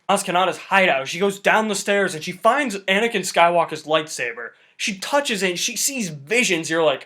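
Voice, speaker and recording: A young man giving a casual, excited film review, chatty and swearing loosely. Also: high-pitched, normal speed, hardly any pauses. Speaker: movie reviewer.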